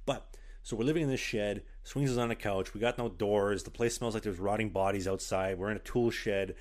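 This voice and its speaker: A man's voice: on the low side, fairly quick. A man hosting a podcast, a hockey goalie telling stories casually with many "like" fillers and acted-out quotes. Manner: animated, lots of "like" fillers, acts out quotes. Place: one-bedroom apartment.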